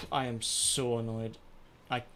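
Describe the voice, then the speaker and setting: A man's voice: mid-range voice, little pitch movement, slow, background noise. A man streaming a racing sim live, ranting in frustration at his own races as he plays. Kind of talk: live gameplay commentary.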